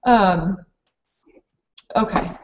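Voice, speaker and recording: A woman's voice: medium pitch, extremely slow, echoey room, muffled recording. Woman leading a teacher-training webinar. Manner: practical, explanatory, with frequent fillers and restarts. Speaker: preschool program director presenting a training webinar. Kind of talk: live online teacher training talk.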